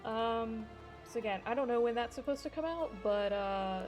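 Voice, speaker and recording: Her voice is fairly high and her pace moderate: a young woman streaming a game, chatting casually with background music. She wanders from topic to topic, cursing freely and laughing often.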